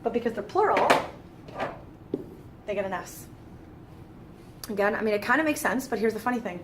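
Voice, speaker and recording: A woman's voice: medium pitch, lively intonation, moderate pace, slight background noise. A young woman teaching French grammar in a casual tutorial, playful and exasperated, often acting out silly voices.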